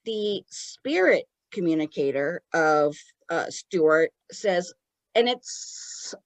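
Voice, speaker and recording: A woman co-hosting a podcast in casual chat, retelling events in an animated way. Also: lowish voice, slow pace, no echo. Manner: animated retelling, acts out quoted lines. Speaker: podcast co-host.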